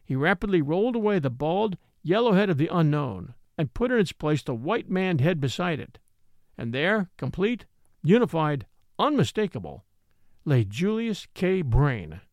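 Gravelly expressive male narrator. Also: on the high side, moderate pace, dry recording. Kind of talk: audiobook narration of a classic mystery.

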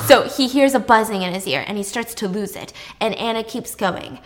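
A woman's voice: mid-range voice, normal speed, few pauses. Chatty woman recapping a story. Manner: chatty, animated with asides. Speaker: plot recapper.

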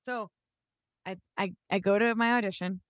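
A woman's voice: medium pitch, normal speed, no room sound. Chatty young woman telling a story. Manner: animated storytelling, acting out quotes. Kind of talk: casual chat.

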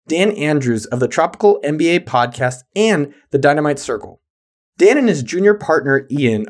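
A man hosting a podcast, reading a hyped, jokey show intro and plugs. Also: on the high side. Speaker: podcast host.

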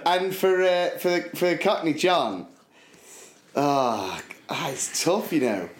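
A man co-hosting a casual podcast, telling stories with lots of laughter and slipping into quick voices. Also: fairly high pitch, roomy sound, slight background noise. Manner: animated, laughing storyteller who slips into voices. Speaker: co-host.

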